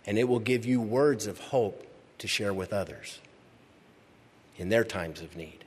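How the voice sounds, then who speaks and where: A man preaching a sermon as pastor. He is emphatic, repeats key phrases and builds to loud peaks. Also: lowish voice, unhurried, husky. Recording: long reverb of a large hall.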